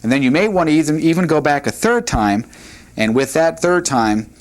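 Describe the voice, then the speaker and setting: A man teaching a recorded language lesson, explaining step by step in a measured way with frequent "uh" pauses. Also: a little high, expressive. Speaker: Hebrew teacher. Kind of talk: recorded classroom lecture.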